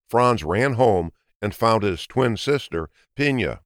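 A man reading a children's story aloud in an expressive, lilting way. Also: lowish voice, slow, no echo, studio quality. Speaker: narrator. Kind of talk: storybook narration.

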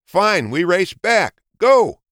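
A man's voice: very animated, measured pace, gravelly, dry recording, clean studio sound. A man voicing a rude, boastful female hare with a sneering manner in a storybook reading. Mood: furious. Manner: sneering, shrill when angry. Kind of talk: storybook narration.

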